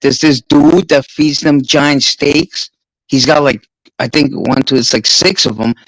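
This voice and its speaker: A man's voice: medium pitch, measured pace, no room sound, low-quality recording. A man with a New York accent, a streamer swapping stories in a casual, profane chat. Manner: profane, animated storyteller.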